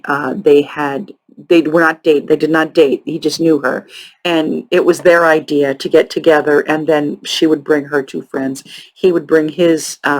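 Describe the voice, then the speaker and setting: A woman hosting a true crime show, telling the case in a casual, halting way with frequent sarcastic and profane asides. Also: deep voice, poor audio. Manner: halting, many ums and restarts. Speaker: true crime podcast host.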